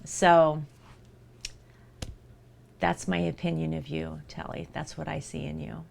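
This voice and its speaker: A woman's voice: sits low, little pitch movement, takes it slowly, gravelly, darkish tone, a little hiss or hum. A woman streamer chatting casually with her viewers, talking while she eats. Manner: chatty, talks to chat while eating. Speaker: livestreamer. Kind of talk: casual livestream chat.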